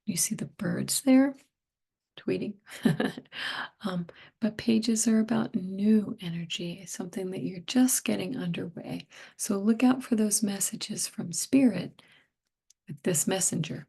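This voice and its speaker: A middle-aged woman talks through a tarot reading, her voice hoarse and fading, with many words coming out as a breathy near-whisper. She speaks slowly and gently, musing as she goes. Her tone is low and mellow, with a gravelly fry at the ends of phrases. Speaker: tarot reader.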